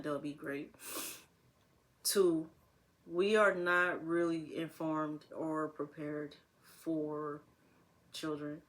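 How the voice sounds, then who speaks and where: A young woman talking casually to camera as a vlogger, rambling and laughing often. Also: sits low.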